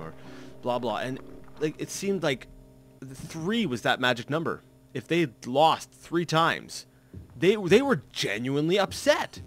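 Chatty, animated man narrating his gameplay. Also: medium pitch, moderate pace, faint music behind. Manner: rambling, self-mocking, frequent restarts and fillers. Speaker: let's play commentator. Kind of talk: gameplay commentary.

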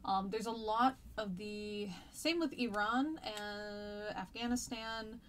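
A woman teaches history in a loose, chatty live stream, rambling through fillers and restarts. Her voice sits at an ordinary middle pitch. A faint hiss runs behind her. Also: slow pace, fairly bright tone. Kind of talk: casual live-stream lesson chat.

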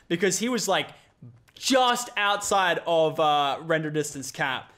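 Excitable young gamer. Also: male voice, on the high side. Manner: excitable, quick reactions, playful trash talk. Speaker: gaming YouTuber. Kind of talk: gameplay commentary.

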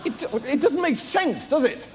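An actor playing a temperamental, indignant playwright who talks in a huffy, exasperated way in a live comedy sketch. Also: male voice, very high-pitched, very animated, unhurried, heavily acted. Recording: live stage audio with hall reverb.

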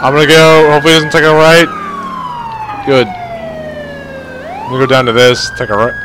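A young man giving let's play commentary, tired but excitable, swearing often over loud game audio. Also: a little high, normal speed. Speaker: gamer. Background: loud game sirens and traffic.

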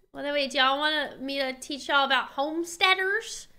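A woman from Texas with a Texan accent chats casually while streaming a game. Her voice is high and bright, and she giggles often and stumbles over words as she reads on-screen text aloud.

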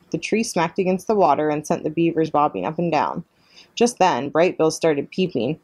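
Librarian woman, storytime reading for young kids, lower register, clear and steady. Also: normal speed, no room sound. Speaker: children's librarian. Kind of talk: reading a chapter book aloud.

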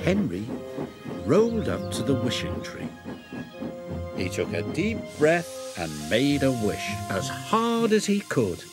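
Slow, very animated storybook narrator, man. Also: medium pitch. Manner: expressive, deliberate. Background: loud background music.

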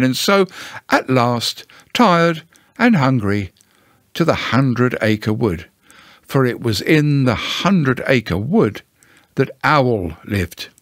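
A man narrating a children's storybook in a gentle, unhurried manner. His pace is slow and his pitch moves with lively ups and downs. The recording is dry and close, with no room sound. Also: no room sound. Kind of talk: storybook reading aloud.

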